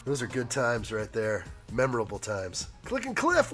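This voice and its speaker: A hoarse man in his thirties hosts a live stream while building a toy set, chatting casually, joking, and reading viewer comments aloud. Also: mid-range voice, huge pitch swings, moderate pace, a bit bright, soft background music.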